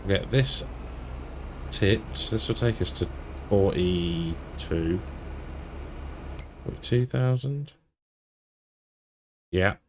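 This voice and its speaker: A man's voice: fairly low pitch, extremely slow, pauses often, slight background noise. A man giving casual let's-play commentary, thinking aloud and chuckling to himself. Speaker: game streamer.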